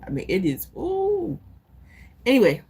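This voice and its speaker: A woman live-streaming casually, retelling a movie in an animated, profane, rambling way. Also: high-pitched, unhurried, husky. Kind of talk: casual chat recapping a movie.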